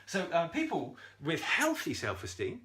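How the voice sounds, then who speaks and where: A man coaching viewers on a live stream, animated and talking straight to them, swearing freely and laughing often. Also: fairly high pitch, moderate pace. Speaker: self-esteem coach.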